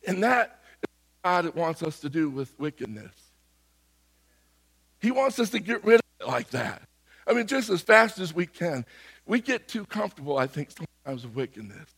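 A middle-aged man preaching a sermon, with a slightly hoarse voice and a conversational, animated way of telling stories. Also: on the high side, long reverb tail. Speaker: pastor. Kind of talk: sermon with personal story.

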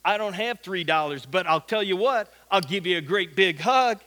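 A man's voice: sits high, animated, normal speed, bright, forceful tone. A man playing a young woman student who insists sweetly but firmly. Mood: insistent.

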